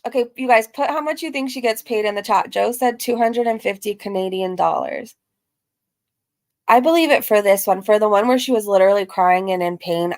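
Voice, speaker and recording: A woman's voice: mid-range voice, gravelly, darkish tone. A woman hosting a reaction video, making sarcastic, mocking remarks and reading out chat comments.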